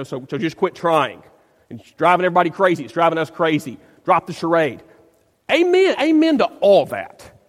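A man's voice: on the high side, big-room sound. A man, a pastor, preaching a sermon in an emphatic way, often repeating words as he searches for the phrasing.

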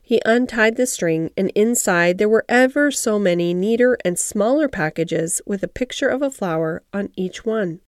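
A woman narrating an audiobook of a classic story in a calm, measured reading style. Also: medium pitch, no room sound, studio quality.

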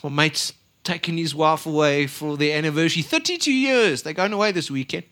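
A middle-aged man preaching a sermon, swinging between loud emphasis and quiet asides. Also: fairly high pitch, animated, fairly quick. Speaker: pastor.

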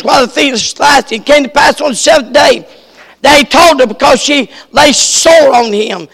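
A male preacher reading scripture aloud and explaining it, with bursts of shouting. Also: very high voice, gravelly, long reverb tail. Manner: reads scripture then explains it, rising to shouts. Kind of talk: sermon.

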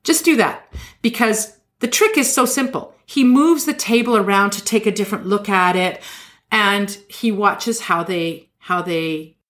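A woman hosting a podcast, telling a story in casual chat and acting out quotes with jumps in pitch. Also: a little slow. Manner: animated, acts out quotes with shifting pitch. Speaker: podcast host.

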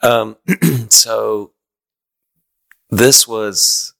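A man in his fifties with a bright, forceful tone that sits a little low. He tells long, rambling stories with quick asides, chatting casually as a podcast guest. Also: steady tone, gravelly. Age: 50s. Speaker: podcast guest, worship singer. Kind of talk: casual conversation.

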